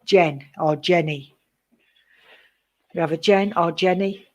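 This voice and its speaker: A woman giving psychic readings on a live stream, chatty and rambling, greeting viewers by name, with many pauses and "um"s. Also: fairly low pitch, fairly even intonation. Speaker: psychic reader.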